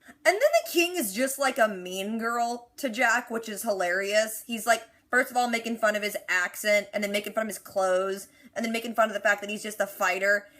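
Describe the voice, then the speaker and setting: Bright-voiced woman recapping with playful asides. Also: fairly high pitch. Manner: animated, acts out characters in quick quoted asides. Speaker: reaction video host. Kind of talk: casual episode recap.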